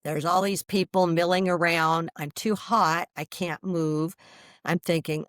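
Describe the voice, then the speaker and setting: An older woman telling a personal story as an interview guest, animated and vivid, acting out the voices she quotes. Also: on the low side, moderate pace, no room sound, studio quality.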